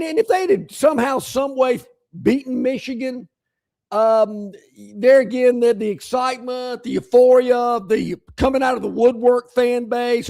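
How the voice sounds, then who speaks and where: A man's voice: extremely high pitch, measured pace, warm tone. A man who co-hosts a sports talk show, tossing in wry, folksy, teasing remarks. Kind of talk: sports talk radio debate.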